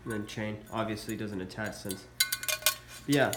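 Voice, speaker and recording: Speaking at a normal speed with a fairly low pitch and fairly even intonation, a man stuffed up from a cold shows military collectibles in a relaxed vlog. He's hesitant, with uhs scattered throughout. The space echoes, and there's a faint background hum of noise.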